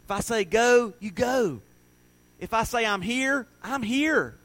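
A man with a fairly high voice voicing Jesus as a calm, reassuring teacher, in slow, steady phrases.

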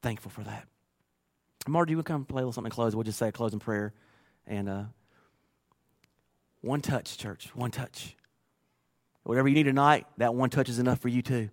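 A man pastor preaching a sermon through personal stories, earnest and emotional, moving from quiet to loud. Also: mid-range voice, brisk, pauses often. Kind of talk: storytelling sermon.

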